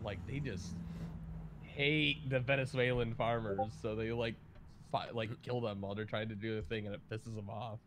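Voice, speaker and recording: A man, a livestream guest, chatting in a quick, joking, loose way over a computer mic. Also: fairly low pitch, fairly even intonation, a bit bright, a little hiss or hum. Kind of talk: casual chat.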